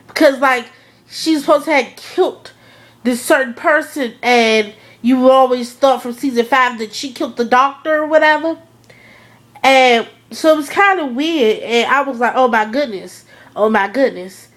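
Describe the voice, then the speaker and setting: A woman's voice: sits high, moderate pace, a bit bright. A young woman chatting casually about a TV episode, gushing and filling her talk with "like" and "oh my goodness". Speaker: vlogger reviewing a TV episode. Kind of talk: casual excited chat.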